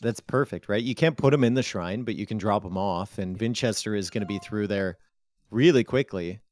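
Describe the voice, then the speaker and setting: A man's voice: on the low side, fairly quick, darkish tone. A man commentating on a strategy game match live, with playful, joking banter.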